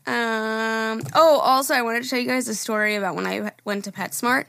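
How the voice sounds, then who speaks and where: A woman's voice: a little high, fairly quick, gravelly, a bit bright, dry recording. Young woman, twenties, podcast co-host; chatty storyteller, casual swearing, close dry mic. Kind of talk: casual chat.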